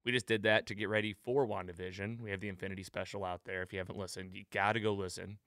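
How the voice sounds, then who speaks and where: Bright, crisp-voiced man hosting a podcast. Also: low voice, flat delivery, fast talker, no room sound, studio quality. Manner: rambling, many fillers and restarts. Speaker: podcast host. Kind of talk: casual podcast commentary.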